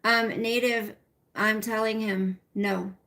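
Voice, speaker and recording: A woman's voice: mid-range voice, flat delivery, slow pace, fairly bright tone. A middle-aged woman hosting a casual livestream, rambling and chatty as she talks to viewers by name and reads their comments. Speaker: livestream host.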